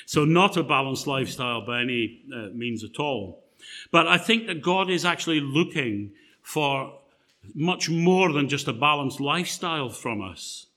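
Middle-aged guy preaching, chatty and a bit halting, bright clear voice. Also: medium pitch, expressive. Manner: conversational, halting with fillers and restarts. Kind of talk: sermon with personal story.

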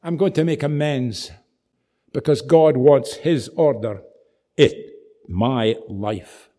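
A man's voice: medium pitch, takes it slowly, in a large hall, pitched below the performer's own voice, close to an everyday voice. A man voicing a greedy tax collector in a sermon, talking brashly about his profits. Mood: remorseful. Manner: brash and boastful, then hushed and remorseful.

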